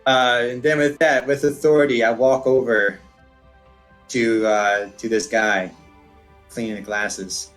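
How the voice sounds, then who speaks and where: A man's voice: medium pitch, little pitch movement, measured pace, a bit bright, faint music behind, poor audio. A man playing a tabletop game, chatty and a bit hesitant. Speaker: player.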